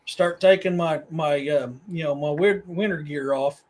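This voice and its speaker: A man's voice: fairly high pitch, normal speed, darkish tone. A middle-aged man from Missouri, a podcast guest who tells long rambling stories in casual chat. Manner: rambling storyteller, talks to his dogs mid-sentence.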